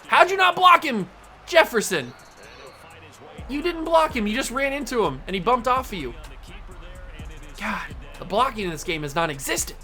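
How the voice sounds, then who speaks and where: Bright, excitable male game commentator. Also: sits high. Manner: excitable, yelling in frustration at the game. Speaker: gaming channel host.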